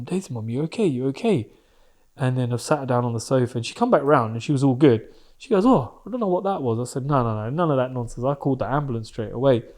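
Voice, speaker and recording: Bloke, podcast guest, emotional candid storyteller, slangy and sweary, mid-pitched voice. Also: male voice, mellow. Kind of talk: personal storytelling.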